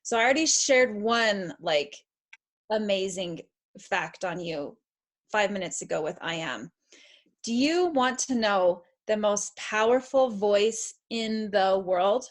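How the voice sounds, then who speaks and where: A woman's voice: mid-range voice, expressive, slow. A middle-aged woman confidence coach answering questions on a video call in an enthusiastic, encouraging, emphatic way.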